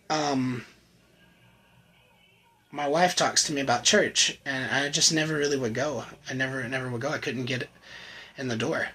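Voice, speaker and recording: A man with a husky, breathy edge to his voice tells his own story. His tone is bright and somewhat higher than most men's, and his delivery is candid and halting, with frequent restarts and fillers as he recounts a personal testimony. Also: poor audio. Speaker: channel host telling his recovery story.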